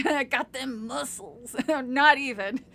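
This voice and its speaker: A woman's voice: sits high, takes it slowly, pushed and bright. A young woman casually reading a spooky kids' book aloud on a stream, chatting and giggling often. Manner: giggly, breaks into laughter often. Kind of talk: casual read-aloud with chat.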